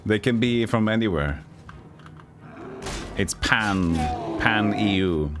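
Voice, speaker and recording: A man's voice: on the low side, animated, takes it slowly, over music. A man streaming a game, joking and rambling with casual swearing. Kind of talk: casual gameplay commentary.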